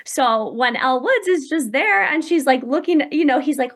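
A woman talking as a guest on a talk show, upbeat and animated, acting out quotes as she speaks. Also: high voice, moderate pace. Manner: upbeat, animated, quotes people in bright voices. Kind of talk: casual interview chat.

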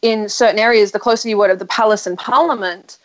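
An Australian woman talks in a loose, opinionated way, laughing easily as she goes. Her voice sits at an ordinary middle pitch for a woman. The recording is dull and lo-fi. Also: fast talker. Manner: chatty, opinionated, laughs often. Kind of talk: casual chat. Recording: dull lo-fi sound.

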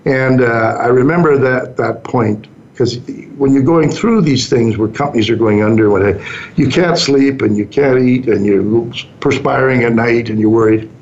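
A man's voice: mid-range voice, moderate pace, a little mellow, slight background noise. Man in his sixties telling business stories. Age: 60s. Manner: anecdotal, easygoing, acts out quoted lines. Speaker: business owner guest. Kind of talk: storytelling interview answers. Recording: dull muffled sound.

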